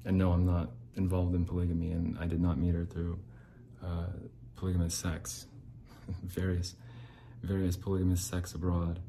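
Low, dark-voiced sarcastic man rambling. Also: completely flat delivery, normal speed, a little hiss or hum. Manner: rambling, sarcastic and bitter, with frequent restarts. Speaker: podcast host. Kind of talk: casual monologue podcast.

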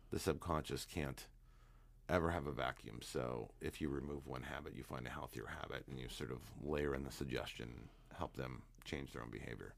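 A man, a hypnotherapist guest, telling a long anecdote in a relaxed, rambling way with many fillers. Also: very deep voice, vocal fry. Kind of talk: storytelling interview talk.

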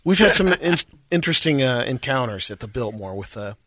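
A man co-hosting a talk show who chimes in with quick interjections and joking asides in casual banter. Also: medium pitch, very animated, a bit bright, dry recording. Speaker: co-host.

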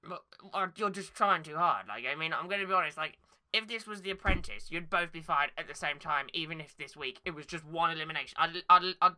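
A woman's voice: low-pitched, fairly quick, pushed and bright, voice pushed down. A woman voicing a blunt, grumpy male creature who hands out dismissive verdicts.

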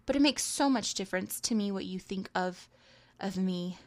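A woman's voice: mid-range voice, moderate pace, natural voice. Brief: storybook society belle, young, earnest and pleading, read by a woman narrator. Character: young society woman, composed then agitated.

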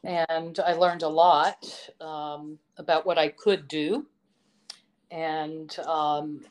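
Woman, low-pitched, slow-paced, voice teacher, interview guest, eager storytelling, many fillers. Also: flat delivery. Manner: enthusiastic storytelling, full of fillers. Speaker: vocal instructor, interview guest. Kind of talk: casual interview chat.

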